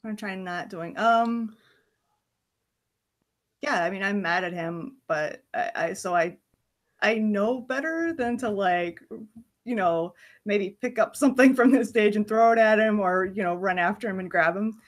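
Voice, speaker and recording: A woman's voice: mid-range voice, a little slow. A woman playing a tabletop role-playing game, talking hesitantly and laughing between words. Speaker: player.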